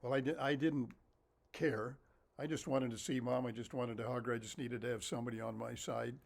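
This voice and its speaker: A man telling a story from his own childhood in a casual way, lively and animated, often laughing as he talks. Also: medium pitch, fairly quick, vocal fry. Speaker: storyteller and author.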